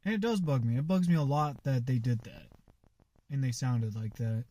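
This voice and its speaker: A man venting in a casual monologue, rambling and halting with lots of fillers and frequent swearing. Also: medium pitch, warm tone.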